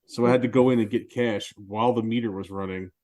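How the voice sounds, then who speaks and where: A man with a fairly low voice rambles through his stories in loose, casual podcast chat, laughing at his own expense as he goes. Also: fairly even intonation, fast, a little mellow. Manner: rambling anecdotal storyteller, laughs at himself. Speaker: podcast co-host.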